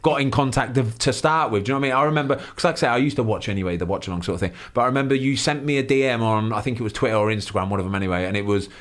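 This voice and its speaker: Middle-aged guy hosting a podcast, rattles through stories quick, acts out what people said. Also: medium pitch. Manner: animated storyteller, acts out quotes. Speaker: podcast host. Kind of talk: casual podcast chat.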